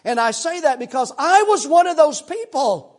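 An older male pastor preaching a sermon in a repetitive, impassioned cadence that drops into hushed, folksy storytelling. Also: extremely high pitch, animated, normal speed.

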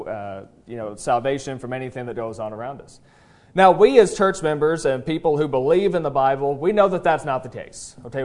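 A man in the pulpit delivers a sermon with a somewhat high-set voice. He talks in a folksy, conversational way, stopping often on "uh" as he gathers his thoughts, then leans into his points earnestly. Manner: folksy, conversational preaching with frequent "uh" pauses; tells a joke story then presses the point earnestly. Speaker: pastor. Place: church service.

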